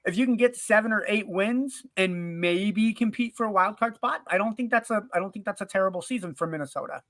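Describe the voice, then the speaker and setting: A man co-hosting a sports podcast, telling stories in a casual, animated way. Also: high-pitched, a little fast, dry recording. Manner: animated storyteller, acts out quotes. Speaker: podcast co-host.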